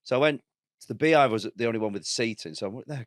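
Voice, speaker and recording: A man's voice: fairly low pitch, racing, no echo, clean studio sound. A man, a comedian co-hosting a podcast, telling a story in casual chat, swearing and laughing as he goes.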